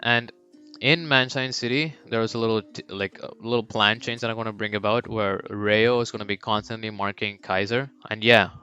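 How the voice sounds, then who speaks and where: A young man casually narrating a fan-made sports story, rambling and swearing, with sudden high character voices. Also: fairly even intonation, brisk, sharp tone, smooth. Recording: dull lo-fi mic with faint background music.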